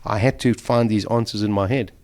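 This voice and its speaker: Middle-aged guy telling his sea survival story, lowish voice, gets emotional. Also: fairly even intonation, fairly quick, a little mellow. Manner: emotional, vivid retelling of a survival ordeal. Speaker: interview guest. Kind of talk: storytelling in an interview.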